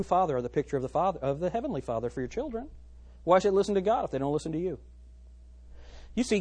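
His voice sits high as he preaches, a pastor moving back and forth between booming emphasis and hushed delivery.

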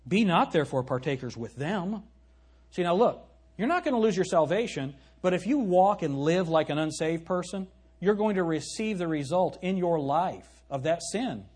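Husky guy preaching a sermon, fired up, keeps asking the room questions. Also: high voice, animated, moderate pace, darkish tone. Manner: preachy and emphatic, asks the congregation questions. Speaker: pastor.

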